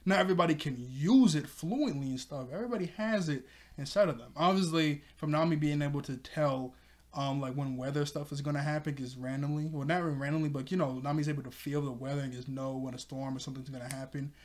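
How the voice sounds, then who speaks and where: A man's voice: fairly high pitch, fast talker, a little mellow. A man recapping an anime episode in a rambling, casual way, chuckling often and leaning on fillers. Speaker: anime review host.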